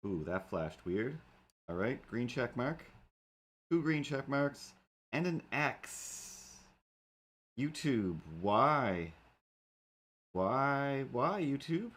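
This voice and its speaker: A man hosting a casual livestream, rambling and talking to his streaming software and his animated cat helper. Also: medium pitch, very slow, pauses often. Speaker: livestream host and cartoonist.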